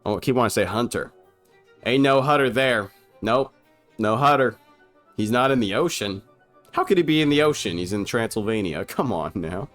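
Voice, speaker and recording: A man's voice: medium pitch, lively intonation, moderate pace, fairly bright tone, faint music behind. A man casually riffing over an old movie, rambling, joking and swearing as he goes. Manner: rambling, profane, jokey. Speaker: movie commentator. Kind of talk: casual movie riff commentary.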